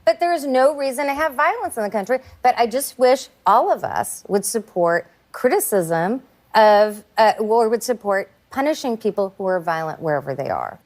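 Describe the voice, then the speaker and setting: Pointed, lively-voiced woman panelist. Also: on the high side, normal speed, hardly any pauses. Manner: pointed, persistent. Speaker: cable news panelist. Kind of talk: heated panel debate.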